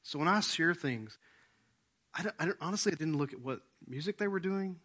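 A middle-aged male pastor preaching a sermon, swinging between loud appeals and hushed lines and acting out quoted prayers. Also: fairly high pitch, animated, a little fast. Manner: acts out quoted prayers and asides.

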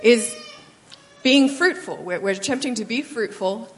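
A woman's voice: fairly high pitch, lively intonation, a little slow. Australian woman speaking thoughtfully. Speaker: guest speaker, missionary. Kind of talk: church interview. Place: church sanctuary.

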